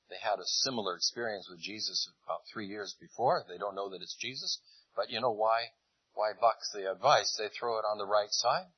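A man preaching a relaxed storytelling sermon, chatty and unhurried. His voice carries a slight husk. The recording is close and dry, with a dull, lo-fi tone. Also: medium pitch, husky, no room sound. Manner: conversational storytelling, retelling scenes in lively voices. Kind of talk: sermon, retelling a Bible story.

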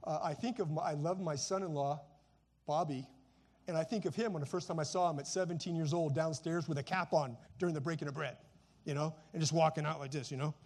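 Middle-aged man, high voice, pastor giving an informal seated sermon, chatty asides, repeats lines for emphasis. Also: fairly even intonation, fast, darkish tone. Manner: informal, repeats phrases for emphasis, frequent "you know" asides; preaching while seated. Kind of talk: conversational sermon.

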